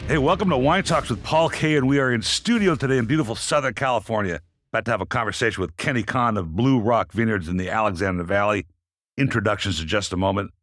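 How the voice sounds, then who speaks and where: A man's voice: on the low side, quick pace, dry recording. A man hosting a wine podcast in a studio, chatting casually and joking with his guest. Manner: chatty, jokey, lively intonation. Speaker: podcast host. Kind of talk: casual interview chat.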